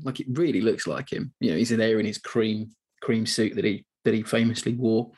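A man co-hosts a podcast, chatting casually about a film with lots of restarts and side remarks. His voice is lowish, darkish and slightly rough, and he talks fairly quickly in a rambling way.

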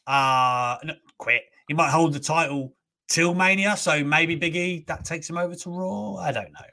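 A young man hosting a casual wrestling talk show, animated, ranting and swearing freely. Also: on the high side, unhurried. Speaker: host.

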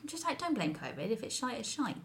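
A woman's voice: a little high, fairly quick. Woman co-host, chatty and giggly, tells ghost stories in casual banter. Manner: giggly, animated storyteller. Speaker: podcast co-host.

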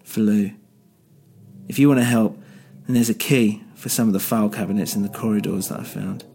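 A man's voice: fairly low pitch, steady tone, brisk, gravelly, mellow, faint music behind. A man voicing a defiant, grieving young woman who speaks bluntly in a single-voice audio drama. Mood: determined. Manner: raised, pressing, blunt.

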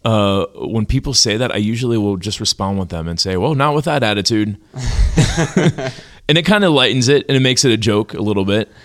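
A man's voice: on the low side, a little fast. A man in his thirties co-hosting a podcast, giving easygoing advice with light jokes. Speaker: podcast co-host. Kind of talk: casual podcast conversation.

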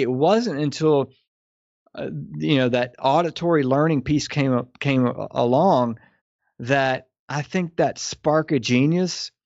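A man's voice: on the high side, no room sound. Guy from louisiana rambling thru his story in an interview, lots of restarts, dry dull sound. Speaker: guest, business consultant. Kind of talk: conversational interview.

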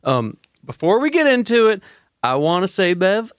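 A man with a fairly high voice spins playful tales on an improvised comedy podcast. He sounds cheerful and lively, recorded close and dry. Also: moderate pace, no room sound. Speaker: podcast co-host.

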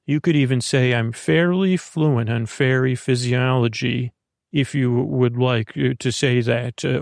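Brief: actor as a chatty scatterbrained fairy, rambling, a touch of fry, dry studio sound. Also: medium pitch, a little mellow, dry recording. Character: dreamy scatterbrained fairy herbalist. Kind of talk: audio drama acting.

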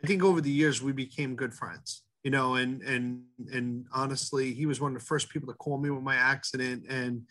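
A middle-aged man, a head baker, talking earnestly in an interview, halting often with fillers and restarts. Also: mid-range voice, steady tone, fairly bright tone. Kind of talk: casual interview talk.

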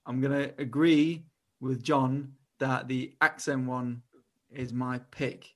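A male comedian on a panel podcast, firing off deadpan jokes and mock outrage. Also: mid-range voice, slow pace.

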